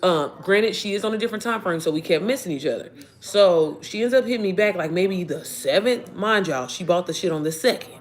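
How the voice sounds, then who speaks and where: Fast-talking animated woman telling a story. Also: fairly low pitch. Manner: animated, profane, addresses viewers as y'all and baby. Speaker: online business coach. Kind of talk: casual storytime vlog.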